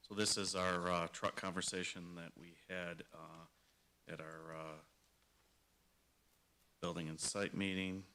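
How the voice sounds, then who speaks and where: Deep, flat-voiced man explaining hesitantly. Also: slow, pauses often. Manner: hesitant, many fillers. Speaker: school administrator presenting items. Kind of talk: explaining at a public meeting.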